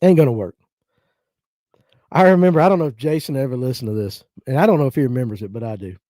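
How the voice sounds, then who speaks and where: A man in his fifties with a North Georgia Southern accent hosts a casual livestream, reading viewer comments and telling folksy family stories while acting out relatives' voices. His mid-range voice is warm, expressive and very fast, recorded cleanly in a studio with no echo.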